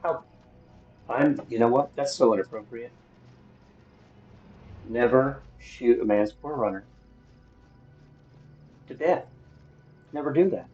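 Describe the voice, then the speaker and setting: A man's voice: medium pitch, takes it slowly, long pauses, a little mellow, muffled recording, soft background music. A man talking to himself while playing a survival game, grumbling and swearing at what happens on screen. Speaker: gaming streamer. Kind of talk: solo gameplay commentary.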